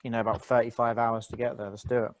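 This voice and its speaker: A man's voice: mid-range voice, flat delivery, fast, a little hiss or hum. A young man co-hosting a podcast, joking and teasing his friends in casual chat. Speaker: podcast co-host.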